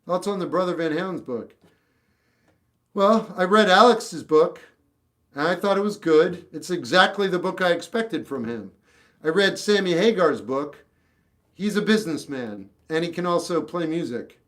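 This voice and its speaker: A man's voice: sits high, lively intonation, moderate pace, a bit bright. A man hosting a casual livestream, reading chat questions and giving blunt, off-the-cuff opinions. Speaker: livestream host answering chat. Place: home room with a record collection.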